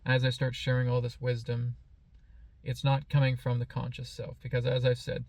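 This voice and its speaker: Guy teaching spiritual stuff, slow and calm, gravelly voice, pretty monotone. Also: medium pitch, no echo. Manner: slow, calm, meditative delivery; playfully mimics excited voices. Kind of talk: reflective spoken teaching.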